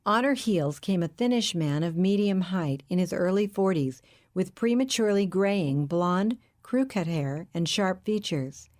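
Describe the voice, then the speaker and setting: A woman narrating a novel as an audiobook, with a steady, clear reading manner. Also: on the low side, measured pace.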